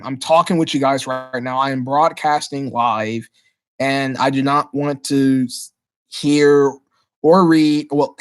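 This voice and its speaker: A man hosts a casual livestream, reading viewers' questions aloud and answering on the spot. He talks in an excitable, stumbling way, repeating words and restarting sentences as he goes. His voice sits at a middle pitch. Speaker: livestream host.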